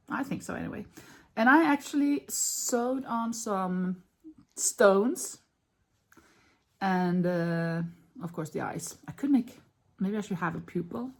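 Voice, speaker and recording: A woman in her fifties, a Norwegian native speaker, chatting casually in a crafting vlog while she works and corrects herself as she goes. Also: on the low side. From Norway. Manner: chatty, thinks aloud, self-correcting. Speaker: crochet vlogger.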